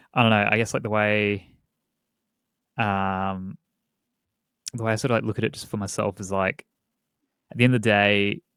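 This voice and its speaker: A young man with a low voice talks in a relaxed, hesitant way, filling his sentences with "like" and "I guess." The sound is dry and close to the mic, with no room around it. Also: clean tone, dry recording. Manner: hesitant, many fillers, agreeable. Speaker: podcast host, guest. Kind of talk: casual interview chat.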